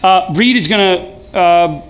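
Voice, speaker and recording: A man's voice: sits high, a little slow. A young man preaching casually to a live audience, joking and leading call-and-response chants. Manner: casual, joking, building to shouts. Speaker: pastor. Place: event hall with live audience.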